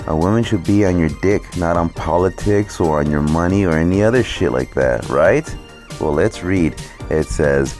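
A man's voice: a bass voice, moderate pace, a little mellow, soft background music. A man vlogging a sarcastic, mocking rant, swearing heavily as he talks. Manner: mocking, sarcastic, heavy profanity.

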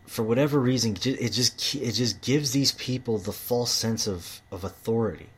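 A man's voice: mid-range voice, moderate pace, breathy edge. A tradesman ranting in a heated monologue about his job, swearing often and repeating himself. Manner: profane, heated, repetitive. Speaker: manual tradesman.

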